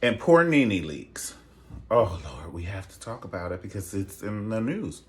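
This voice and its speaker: A man hosting a casual gossip commentary show, sassy and theatrical, jumping into high falsetto exclamations. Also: big pitch swings, a little slow. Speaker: show host.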